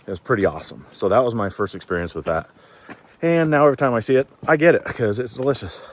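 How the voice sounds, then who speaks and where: A man's voice: mid-range voice, lively intonation, quick pace. A man telling casual, folksy stories while hiking outdoors, a little out of breath from climbing. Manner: chatty, loose and folksy, swears casually. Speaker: thru-hiker vlogger.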